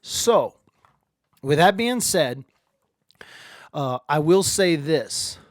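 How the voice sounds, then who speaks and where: A man chats to his live audience in a loose, rambling way, his voice sitting a little high for a man. The sound is close and dry, picked up by a camera right in front of him. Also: animated, extremely slow, no echo. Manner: rambling, chatty storytelling. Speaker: livestream host. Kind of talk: casual livestream chat. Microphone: webcam or phone camera at close range.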